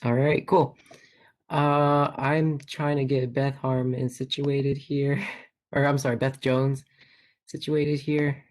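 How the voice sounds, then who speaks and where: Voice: medium pitch, flat delivery, slow pace, darkish tone. A meeting chair casually running a student senate meeting over a video call. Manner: casual, chatty presiding.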